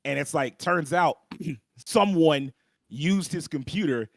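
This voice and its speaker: A young man on a podcast walks his co-hosts through an anime plot in loose, slangy storytelling, pausing often to clear his throat. His voice sits a touch higher than most men's. The close mic sounds dry, with no room echo. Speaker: podcast co-host. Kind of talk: casual anime recap chat.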